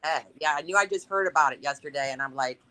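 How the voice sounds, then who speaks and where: A woman's voice: low voice, quick pace, sharp tone, rough recording. A woman calling in to a live talk show, speaking in an emotional, rambling and insistent way. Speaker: caller. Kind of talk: casual call-in chat.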